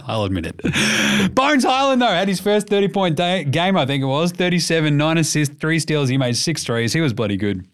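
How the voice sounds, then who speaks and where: This Australian podcast host has a fairly high, slightly bright, sing-song voice and talks at normal speed with few pauses. On his casual basketball show he rambles, cracks jokes and swears freely.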